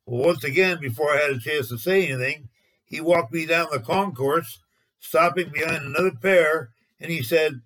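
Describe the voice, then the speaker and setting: A man narrates a story from his working past in a steady, anecdotal way. His voice sits slightly high for a man. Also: normal speed, rough recording. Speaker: former lane man telling a memoir.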